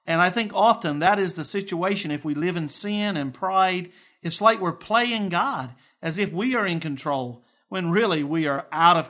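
A male pastor giving an earnest devotional message and reading a prayer aloud, slowing down on key phrases. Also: high-pitched, bright, forceful tone.

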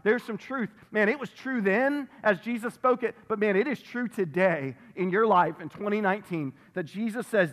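A man's voice: sits high, moderate pace, few pauses, fairly bright tone. A man preaching a sermon as pastor, emphatic, repeating phrases for stress and reading scripture aloud. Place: church sanctuary. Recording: long reverb of a large hall.

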